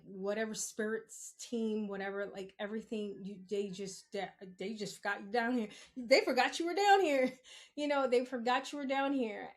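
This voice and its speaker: A young woman from Queens, hosting a spiritual podcast in a chatty, blunt monologue, laughing often and swearing freely. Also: mid-range voice. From Queens, New York. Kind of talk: casual solo podcast monologue.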